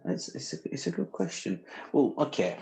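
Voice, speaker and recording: A man from northern England, with the accent to match, co-hosts a podcast full of casual, teasing banter. His voice is a little high and sing-song, with vocal fry and a mellow quality, delivered at a moderate pace. The recording is low quality.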